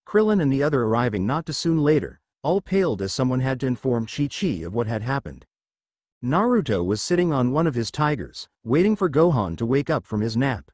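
A man narrating a fan-fiction story in a steady reading voice. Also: medium pitch, brisk, dry recording.

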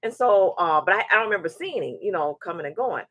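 Host, woman, 40s: low, husky voice that swings widely in pitch, casual storytelling. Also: fast talker, no echo. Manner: animated, repeats words as she restarts, acts out quoted voices. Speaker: show host. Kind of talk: casual livestream chat and storytelling.

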